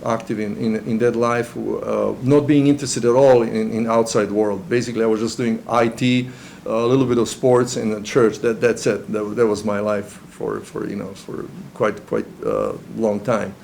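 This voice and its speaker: A middle-aged man from Serbia, giving a personal testimony in an interview. He talks in a halting, earnest way with many restarts. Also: on the low side, fairly even intonation, vocal fry, darkish tone, a little hiss or hum.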